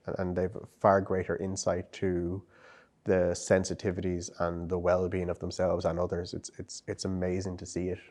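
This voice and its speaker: Low-pitched and a little mellow, the voice belongs to an Irish man, a psychotherapist and psychologist. Conversing in an interview, he thinks aloud thoughtfully, repeating words and restarting often.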